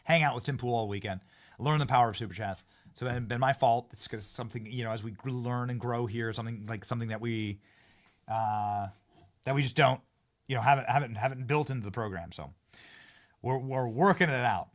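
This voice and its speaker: A man hosting a live-streamed talk show from a studio, speaking in excitable casual chat and often repeating and restarting his phrases as he hypes guests. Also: medium pitch, brisk. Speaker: political talk show host.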